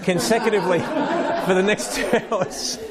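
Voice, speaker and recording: A man's voice: high-pitched, lively intonation, normal speed, a crowd in the background. A man hosting a live photography webinar, bantering and joking with the audience. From Greece. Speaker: webinar host. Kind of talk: casual live seminar chat.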